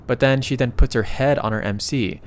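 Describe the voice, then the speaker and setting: A man narrating a comic recap in a casual, excitable way, often breaking into exclamations. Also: mid-range voice, brisk, slight background noise.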